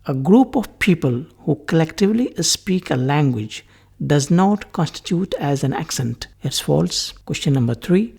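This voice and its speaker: A man giving a recorded linguistics lecture, explaining slowly and repeating his points. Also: on the high side, vocal fry, warm tone, breathy edge.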